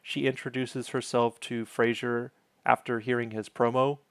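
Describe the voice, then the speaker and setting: A man's voice: mid-range voice, flat delivery, moderate pace, creaky, a bit bright, smooth, no room sound. A man hosting his own channel, casually recapping a sitcom episode, wandering off on tangents and correcting himself as he goes.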